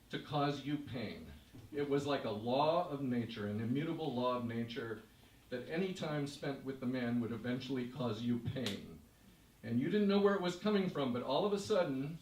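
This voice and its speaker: Man telling a story on stage, echoey. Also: on the high side. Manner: second-person narration, vivid and measured. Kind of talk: live storytelling performance. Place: stage in a hall. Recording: echoey room, voice from far off.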